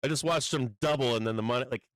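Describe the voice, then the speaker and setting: Smooth-voiced man swearing over trades. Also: medium pitch, fast talker, no room sound. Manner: profane, swings from calm chart talk to furious outbursts. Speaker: livestream trading host. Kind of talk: live market stream commentary.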